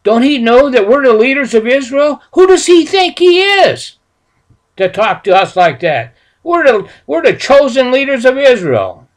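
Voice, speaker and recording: A man voicing a crowd of furious, indignant temple leaders, shouting in outrage. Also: medium pitch, huge pitch swings, brisk, hardly any pauses, slightly rough, exaggerated voice. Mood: outraged.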